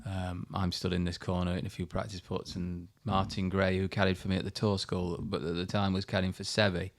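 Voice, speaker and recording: Man in his fifties, low voice, animated storyteller guest. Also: fairly quick. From England. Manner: animated anecdotes, acts out voices. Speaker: golfer guest. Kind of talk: storytelling interview.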